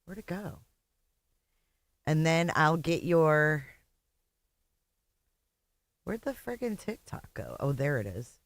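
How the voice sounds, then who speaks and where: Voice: mid-range voice, big pitch swings, slow, pauses often, dry recording. A host reacting to clips with profane, sarcastic, laughing commentary.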